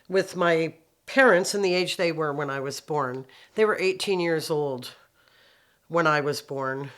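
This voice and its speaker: Gravelly woman in her sixties. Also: low voice, a bit bright. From Canada. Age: 60s. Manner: heartfelt, repeats phrases, halting restarts. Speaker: interviewee sharing her life story. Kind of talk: personal testimony.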